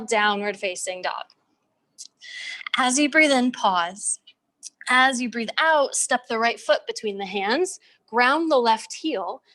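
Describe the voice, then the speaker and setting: A woman's slightly high voice leads a yoga class over a video call. She paces her cues to the breath, steady and calm. She sounds like a young adult instructor guiding students through each move. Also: poor audio. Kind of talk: live-cued yoga class.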